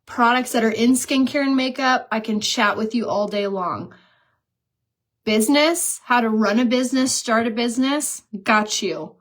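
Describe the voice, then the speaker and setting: A woman's voice: a little high, normal speed, fairly bright tone. A woman in her thirties chatting casually while doing her makeup, telling stories and laughing at herself. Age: 30s. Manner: chatty, self-mocking, storytelling, laughs at herself. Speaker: beauty vlogger.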